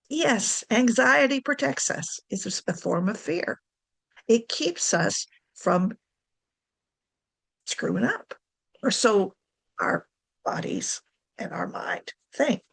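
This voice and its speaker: A woman's voice: mid-range voice, creaky, fairly bright tone, breathy edge. A woman giving a casual talk on writing to camera, chatty, correcting herself and laughing often. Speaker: writing coach.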